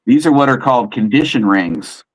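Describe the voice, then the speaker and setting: A man's voice: medium pitch, expressive, fairly quick, low-quality recording. A man in a casual chat, patiently explaining how he runs a tabletop role-playing game, often restarting his sentences.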